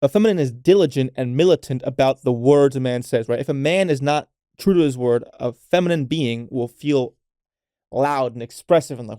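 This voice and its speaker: Mellow-voiced man coaching unfiltered. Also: medium pitch, moderate pace, clear, resonant tone, no echo, studio quality. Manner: unfiltered, swears freely, frequent "right?" tags; coaching tone addressed to women listeners. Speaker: podcast host. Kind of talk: casual solo podcast talk.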